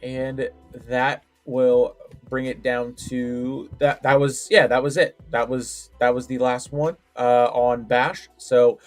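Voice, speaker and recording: A man's voice: mid-range voice, little pitch movement, slow pace, soft background music. A man co-hosting a podcast, chatting casually with lots of restarts and filler. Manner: rambling, full of restarts and "like". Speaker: podcast co-host. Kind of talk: casual wrestling predictions chat.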